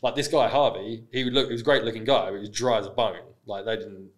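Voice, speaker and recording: A man's voice: fairly low pitch, fairly even intonation, quick pace. A man in his thirties from England with an Essex accent, a podcast guest talking frankly and casually, swearing freely and often restarting his sentences. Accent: Essex English. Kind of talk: casual interview chat.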